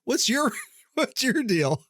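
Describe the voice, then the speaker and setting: A man's voice: very high voice, sing-song, slow pace, a bit bright, no echo, studio quality. A man co-hosting a casual sports podcast, joking and teasing his partner while citing betting statistics. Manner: joking, teasing, stat-heavy. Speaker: podcast co-host. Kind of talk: casual sports picks chat.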